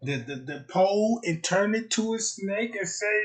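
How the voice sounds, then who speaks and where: Comedic livestream host, man, higher voice, animated profane storytelling, hushed to loud. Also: normal speed.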